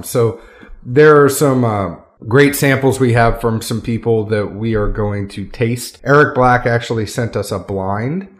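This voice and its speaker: A man hosting a casual podcast from a friend's home, upbeat and chatty, laughing often into a studio mic. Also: mid-range voice. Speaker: podcast host. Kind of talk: casual chat. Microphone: studio microphone.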